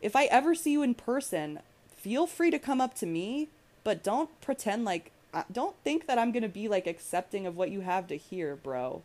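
A woman's voice: medium pitch, sing-song, normal speed, darkish tone. Angry young woman ranting on a podcast. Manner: blunt, profane, emotional, many restarts. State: emotional, angry. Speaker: podcast host. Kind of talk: heated podcast rant.

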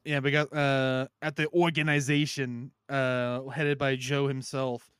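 A man's voice: mid-range voice, level tone, a little slow, a bit bright, clear, resonant tone, no room sound, clean studio sound. A man co-hosting a casual comedy movie podcast, joking and laughing often. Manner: joking, laughs often, puts on goofy voices. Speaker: podcast co-host.

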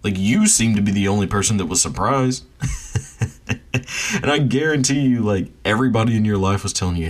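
A man's voice: fairly low pitch, lively intonation, fairly quick. A man ranting bluntly and profanely in a casual monologue, often laughing between his points. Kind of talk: casual rant.

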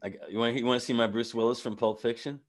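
A man's voice: mid-range voice, steady tone, very fast. A man in casual, playful chat, laughing and swearing easily.

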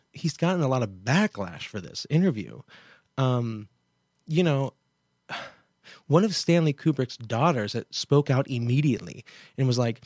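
A man hosting a talk show rambles through his commentary, cutting himself off and circling back with open disbelief. His mid-pitched voice sounds dry and close, with no room around it. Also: darkish tone, no echo. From Kansas, USA. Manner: digressive, self-interrupting, incredulous. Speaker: host. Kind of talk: casual radio commentary.

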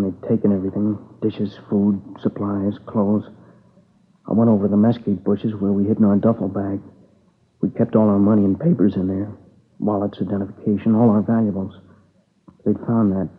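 A man's voice: lowish voice, breathy edge. An actor playing an exhausted, tearful young man who halts and speaks in a subdued voice as he recounts his friend's murder. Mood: weary. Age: young adult. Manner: halting, subdued, weary. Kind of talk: dramatic dialogue. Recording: tinny lo-fi old broadcast.

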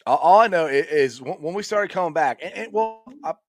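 Excitable high-voiced man, dry sound. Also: a little fast, no room sound, faint music behind. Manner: excitable, enthusiastic, laughs often. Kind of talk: casual chat.

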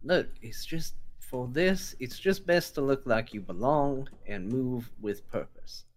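A man playing a tabletop game, speaking in character in a calm, matter-of-fact way. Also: mid-range voice, a little slow. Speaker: player. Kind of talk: casual in-character play.

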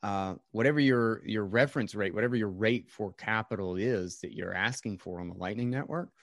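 A man's voice: lowish voice, fairly quick, creaky, no room sound, clean studio sound. A man hosting a casual podcast chat, rambling with many fillers and restarts.

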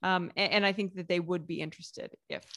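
An American woman talking casually as a guest, lively, with frequent laughs and fillers. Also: on the low side, a little fast, no room sound, studio quality. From United States. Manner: lively, laughs often, many fillers and restarts. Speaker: author and vlogger guest. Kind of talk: casual interview conversation.

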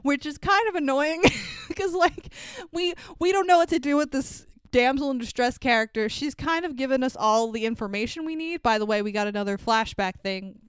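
A woman casually recapping a movie, swearing freely and acting out the characters' lines with lively energy. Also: sits high, normal speed, smooth, no room sound. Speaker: podcast co-host.

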